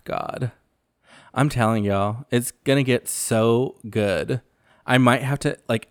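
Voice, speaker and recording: A man's voice: fairly low pitch, dry recording, studio quality. A man hosting a casual recap podcast, talking in a blunt, sassy way and swearing freely. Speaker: podcast host.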